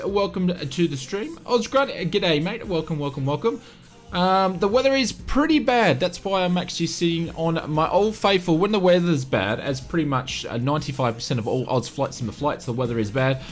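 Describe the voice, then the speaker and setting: Australian man, high voice, animated, chatty streamer, faint music behind. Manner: chatty, friendly, many fillers. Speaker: flight sim streamer. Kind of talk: live stream chat, greeting viewers.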